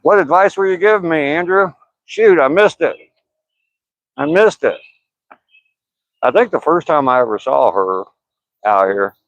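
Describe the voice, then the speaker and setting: A man's voice: a little high, expressive, unhurried, long pauses, fairly bright tone, no room sound, highs cut off. An older man talking casually on a live stream while out walking outdoors, joking and laughing at his own remarks. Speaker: vlogger live streaming a walk.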